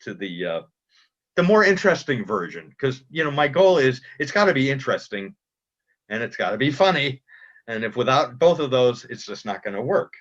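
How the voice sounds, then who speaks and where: Chatty cartoonist on a muffled call. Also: male voice, medium pitch, very animated, moderate pace, a bit bright. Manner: chatty, self-deprecating, restarts often. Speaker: cartoonist guest. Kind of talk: casual interview chat.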